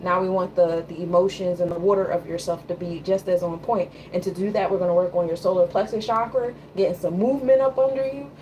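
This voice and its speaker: A woman's voice: fairly low pitch, steady tone, quick pace, few pauses, darkish tone, slight background noise, poor audio. A woman giving a loose, conversational tarot and astrology reading. She often checks in with her listener. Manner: loose, conversational, repeats "you know what I'm saying". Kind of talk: casual live reading.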